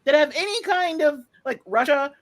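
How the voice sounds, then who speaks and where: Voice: sits high, lively intonation, normal speed, fairly bright tone. A podcast host ranting casually about a movie, profane, sarcastic and exasperated, rambling with fillers. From United States.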